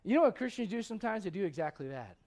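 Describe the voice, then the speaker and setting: Man, pastor, very high voice, emphatic conversational sermon, acts out quotes. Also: very animated, rapid-fire, darkish tone.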